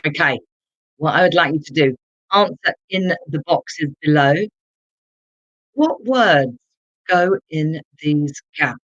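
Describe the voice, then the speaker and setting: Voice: medium pitch, animated, takes it slowly, pauses often, fairly bright tone, no echo, dull audio. An English teacher giving a live online lesson, repeating key words for learners to copy and calling on viewers in the chat. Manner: addresses viewers in the chat directly.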